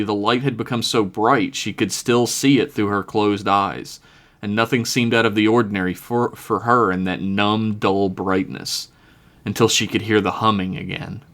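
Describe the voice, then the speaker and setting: A man's voice: on the low side, fairly bright tone. A man reading his own story aloud on a podcast, chuckling now and then at his own jokes.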